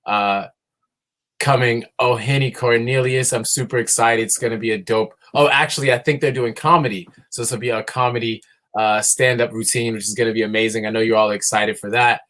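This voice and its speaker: A man's voice: mid-range voice, steady tone, a little fast, a bit bright. A man hosting a livestream event, friendly and rambling, often stumbling and restarting his words. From New York. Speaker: event host.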